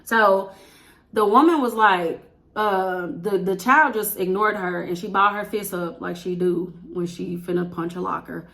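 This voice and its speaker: Black woman venting a teacher story, gravelly edge, big exasperated outbursts. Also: mid-range voice, unhurried. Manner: animated storytelling, acting out quotes with exasperated outbursts. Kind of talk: casual storytime vlog.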